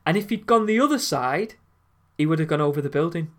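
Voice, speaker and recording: Man, casual co-host, lively storyteller with frequent laughs. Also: a little high, fairly quick. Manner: animated storytelling, laughs often. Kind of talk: casual chat.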